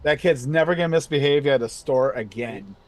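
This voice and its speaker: A man's voice: mid-range voice, brisk, a little mellow. A man co-hosting a casual podcast chat, telling a story in a sheepish, stammering, defensive way. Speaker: podcast co-host.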